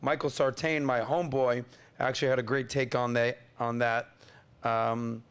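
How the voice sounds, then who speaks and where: A man hosting a podcast, energetic and playful, hyping up the audience and teasing his co-host. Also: mid-range voice, normal speed, clean tone. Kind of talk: hyped-up casual podcast hosting.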